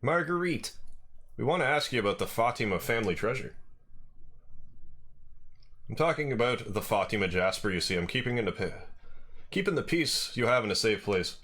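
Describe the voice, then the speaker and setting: A man reading a calm young commander. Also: mid-range voice, normal speed, pauses often, lightly acted. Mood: probing. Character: calm young male commander questioning a captive.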